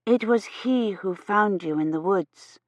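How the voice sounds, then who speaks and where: A woman reading aloud, voicing a careful, gentle medieval noblewoman who speaks softly. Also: medium pitch, measured pace, no room sound, lightly acted. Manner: soft-spoken and careful. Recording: slightly dull, dry audio.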